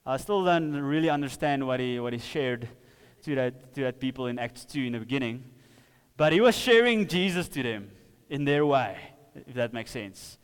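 A man's voice: medium pitch, animated, moderate pace, clear, resonant tone, in a large hall. A man preaching a sermon in a casual, conversational way, often acting out what people said.

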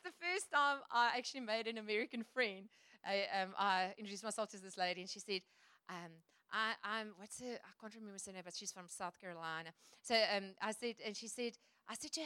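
A woman preaching to her congregation in an earnest, chatty way, quick to laugh. Her voice is bright and forceful, sitting a little high. The sound is close and dry. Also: lively intonation, clean tone, no room sound. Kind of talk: sermon. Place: church.

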